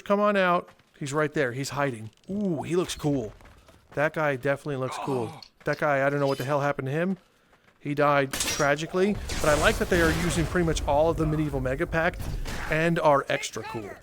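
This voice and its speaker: Excitable man commenting on gameplay. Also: a little high, background noise. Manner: excitable, talks to game characters, frequent laughs. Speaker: video game mod reviewer.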